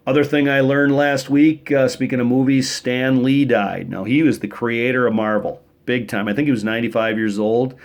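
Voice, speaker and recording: Chatty rambling man vlogging. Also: on the low side. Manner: chatty, jokey, rambling with restarts. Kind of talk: casual rambling weekly vlog.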